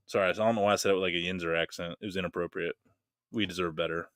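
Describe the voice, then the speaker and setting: Male podcast host, bright forceful delivery, dry close sound, animated storyteller. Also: low-pitched, racing, no room sound. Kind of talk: casual chat.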